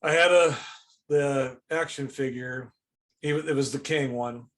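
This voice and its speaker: A man's voice: medium pitch, a little slow. Middle-aged man hosting a podcast. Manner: friendly back-channelling, relaxed anecdote telling. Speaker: podcast host. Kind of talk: casual podcast chat.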